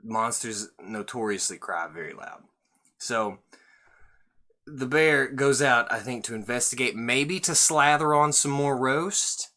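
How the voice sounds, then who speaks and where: A man's voice: mid-range voice, measured pace, sharp tone. A man reading a picture book aloud and joking about it with irreverent, profane commentary. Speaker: storyteller host.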